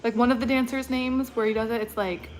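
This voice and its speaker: A woman's voice: a little high, steady tone, fairly quick, darkish tone, low-quality recording. Giggly rambling woman on a livestream. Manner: giggly, rambling, laughs often; mimics an announcer's voice. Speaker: vlogger. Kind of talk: casual livestream chat.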